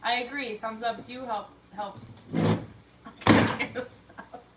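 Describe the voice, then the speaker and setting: A giggly woman with a fairly high voice hosts a casual workshop livestream and reads viewer comments aloud. She sounds far from the mic in an echoey room. Clear noise runs in the background. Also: steady tone, slow pace. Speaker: livestream host reading chat.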